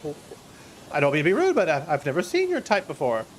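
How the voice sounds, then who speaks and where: A man's voice: on the high side, wildly swooping pitch, quick pace, a little hiss or hum. A man voicing a friendly, flustered male cheese trader with a frosty beard, stammering eagerly in a tabletop game.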